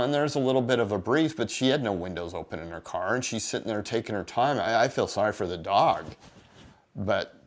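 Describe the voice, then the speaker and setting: A man vlogging, telling a story in a rambling, indignant way. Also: fairly low pitch. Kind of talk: casual vlog monologue.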